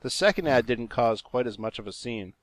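A man hosting a comedy podcast, reading a long text aloud, correcting himself and pausing for asides. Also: medium pitch, expressive, no room sound. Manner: reads steadily, breaks off to laugh and correct himself.

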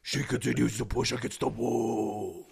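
Husky, gravelly high-voiced man. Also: flat delivery, unhurried, a little mellow. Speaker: podcast co-host reading aloud. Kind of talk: comedic dramatic reading.

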